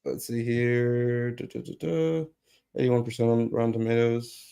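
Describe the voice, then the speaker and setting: A man's voice: medium pitch, moderate pace, creaky, warm tone, clear, resonant tone. A man with a Southern US accent co-hosting a casual podcast, reading news aloud and arguing his points. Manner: reads news aloud, thoughtful, defends opinions. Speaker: co-host.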